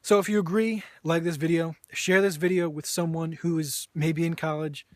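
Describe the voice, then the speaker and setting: A man's voice: a little high, steady tone, moderate pace, dry recording. Earnest preachy man, dry close voice. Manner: earnest, preachy, many restarts. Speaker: vegan video blogger and author. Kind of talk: opinion monologue.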